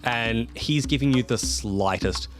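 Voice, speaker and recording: A man's voice: mid-range voice, a little slow, a little hiss or hum. A man narrating a tabletop role-play game as game master, in vivid, descriptive narration.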